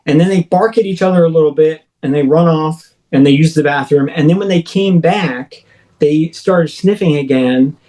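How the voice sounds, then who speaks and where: A man with a voice pitched a little above the usual tells his own story as an interview guest. His delivery is rambling, with lots of fillers and restarts, and he acts out his own shouts along the way. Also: normal speed, low-quality recording. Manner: rambling, filler-heavy retelling with frequent "like" and restarts; animated, acting out his own shouts in quoted speech. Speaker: guest recounting personal experiences. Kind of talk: first-person storytelling in a podcast interview.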